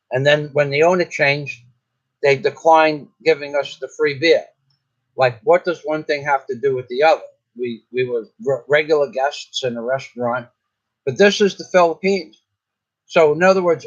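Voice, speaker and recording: A man's voice: a little high, dull audio. A man telling a rambling, indignant story in a casual vlog, often restarting his sentences. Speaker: vlogger. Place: in the Philippines.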